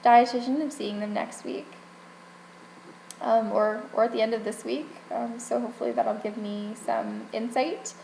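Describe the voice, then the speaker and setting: A woman's voice: a little high, fairly even intonation, moderate pace, gravelly, a little mellow, slight background noise. A young woman vlogging candidly about her health, emotional and rambling, with frequent restarts and laughs. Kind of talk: personal health vlog. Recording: echoey room with faint ambience.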